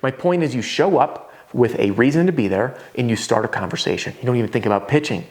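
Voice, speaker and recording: An energetic man runs a casual sales lesson at a whiteboard. His voice sits in a middle pitch, and he talks in a chatty, conversational way with quick asides. Now and then he jumps into a homeowner's voice to act out a scene. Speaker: roofing sales trainer.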